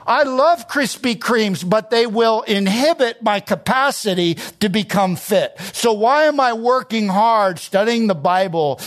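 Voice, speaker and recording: High-pitched, emphatic preacher. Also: male voice, fairly bright tone. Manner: emphatic preaching, rising on key words, slowing to stress phrases. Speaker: pastor. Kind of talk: sermon.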